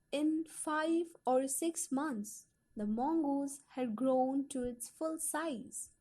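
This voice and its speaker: A woman reads a textbook story to young learners. Her voice sits high but mellow, and she takes her time over each phrase, lifting the quoted lines with feeling. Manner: slow, careful storytelling with lively quoted voices. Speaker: audiobook reader.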